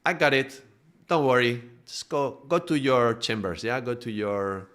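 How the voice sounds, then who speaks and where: A man's voice: mid-range voice, lively intonation, unhurried, fairly bright tone. A man playing a rowdy scheming first mate. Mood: reassuring. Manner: brash, reassuring, party-loving.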